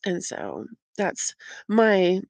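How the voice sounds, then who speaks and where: A middle-aged woman talks earnestly and with open emotion through a personal faith reflection. Her voice carries a gravelly fry and sits at an ordinary middle pitch. The sound is dry and close. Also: huge pitch swings, extremely slow, darkish tone, no room sound. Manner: heartfelt. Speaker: vlogger.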